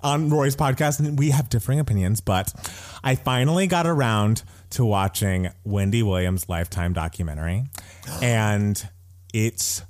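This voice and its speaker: A man hosting a podcast in casual chat, retelling a documentary in an expressive, gossipy way. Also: on the low side, moderate pace. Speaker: podcast host.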